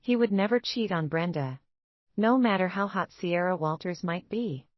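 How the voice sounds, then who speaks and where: A woman narrating a dramatic romance story in the first person, steady and even. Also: fairly low pitch, normal speed, no echo, dull audio.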